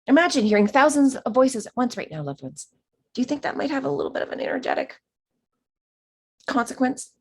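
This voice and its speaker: A woman teaching a spiritual course in a chatty, expressive way, acting out quoted voices and sometimes dropping to a whisper. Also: high voice, fairly quick, vocal fry, long pauses, slightly rough.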